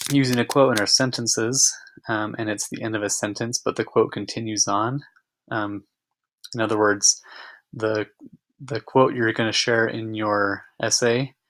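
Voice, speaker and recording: A man teaching a narrated slideshow lesson, explaining calmly with frequent fillers and restarts. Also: lowish voice. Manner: relaxed explanatory, many fillers.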